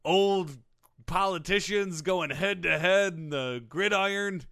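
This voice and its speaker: A man who is a regular guest on a comedy podcast, throwing in quick sarcastic jokes. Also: high voice, creaky, fairly bright tone, dry recording, clean studio sound. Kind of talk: casual comedy podcast banter.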